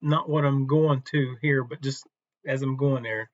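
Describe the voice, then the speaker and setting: A man teaching from the Bible in a relaxed, conversational devotional talk, unhurried and with some restarts. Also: mid-range voice, dry recording, dull audio.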